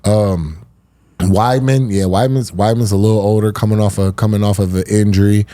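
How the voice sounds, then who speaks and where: A man with a fairly low, mellow voice chats loosely about upcoming fights, slangy and sprinkled with swearing. He sounds laid-back on a podcast panel. The sound is dry and close. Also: steady tone, normal speed, no room sound. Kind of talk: casual fight-breakdown chat.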